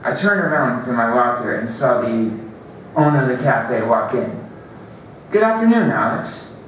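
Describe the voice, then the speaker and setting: A man's voice: mid-range voice, a bit bright, slight background noise. A man reading his own first-person story aloud at an open mic, stumbling and correcting himself as he goes. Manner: halting, restarts and corrects himself. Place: library event room. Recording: very echoey room, distant mic.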